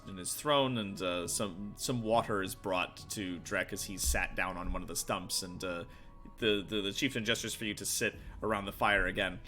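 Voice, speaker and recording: Guy running a tabletop game, loose vivid improvised narration, bright tone. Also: on the low side. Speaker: game master.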